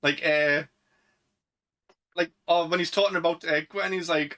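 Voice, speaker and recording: A man's voice: a little high, fairly even intonation, moderate pace, sharp tone, low-quality recording. A young man with a Northern English accent, co-hosting a casual podcast chat and rambling with lots of fillers. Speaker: podcast co-host.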